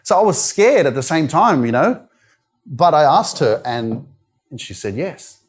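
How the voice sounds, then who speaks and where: A man's voice: a little high, sing-song, a little slow. A young Australian man giving a motivational talk at a live event. He tells a personal story candidly, with many fillers like "you know". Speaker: motivational speaker. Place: wellness centre event room.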